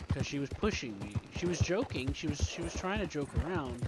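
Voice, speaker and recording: Guy rping his character, ranting n cussing nonstop, kinda high voice, loud noise behind. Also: lively intonation, fairly quick. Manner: ranting, heavy swearing, aggrieved. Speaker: streamer role-playing a character. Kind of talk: in-character role-play chat.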